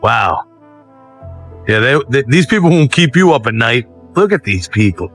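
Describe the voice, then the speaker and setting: A man hosting, giving casual reaction commentary with wry, drawn-out quips. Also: mid-range voice, sing-song, fairly bright tone, faint music behind. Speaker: host.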